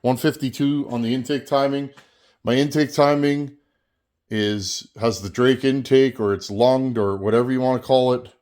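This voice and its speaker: A Canadian chainsaw-channel host talks casually to the camera while working on a saw, in a mid-range, slightly mellow voice at normal speed. His folksy patter frequently circles back to repeat a word.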